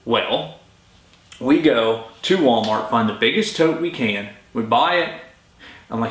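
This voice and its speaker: A man's voice: medium pitch, unhurried, pauses often. A young adult man casually telling a story-time tale in a chatty, informal way. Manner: informal, chatty, lively retelling. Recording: roomy echo.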